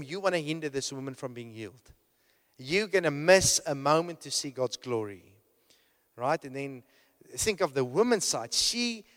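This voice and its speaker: A man delivers a sermon with a fairly high voice that rings out through a hall with a long reverb tail. He speaks with emphasis, restarting and repeating phrases as he drives his points home. He keeps turning to the room with rhetorical check-ins. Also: a bit bright. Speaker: preacher.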